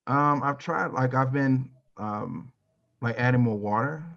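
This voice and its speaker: A man's voice: medium pitch, a little slow, gravelly, fairly bright tone. A man role-playing a heavyset male client in a sales practice call, talking hesitantly with many fillers. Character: heavy adult male weight-loss prospect. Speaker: role-play prospect, sales trainee. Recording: dull lo-fi sound.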